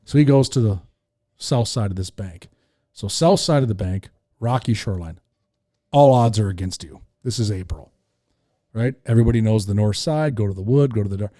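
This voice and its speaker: A man tells a fishing story on a podcast in a very dark, mellow voice, playing the people in it as he goes. The sound is dry and close. His pitch sits a little low. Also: brisk, no echo. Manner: animated storyteller acting out voices. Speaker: fishing guide.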